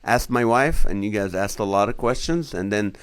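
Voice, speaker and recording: A man's voice: lowish voice, animated, moderate pace, clear, resonant tone. A man in his forties, a comedian hosting a casual live stream, reading viewer comments aloud and laughing along with their jokes. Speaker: comedian and show host.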